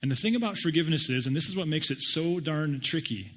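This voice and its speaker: Lively, higher-voiced middle-aged pastor. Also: male voice, fast. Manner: animated, self-deprecating storytelling. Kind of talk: sermon with personal stories.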